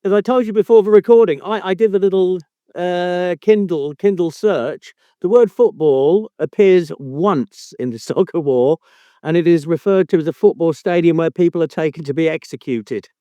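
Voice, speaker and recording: A man's voice: high voice, moderate pace, mellow, no echo, highs cut off. A male podcast host in casual banter, teasing his co-host with mock outrage and frequent swearing.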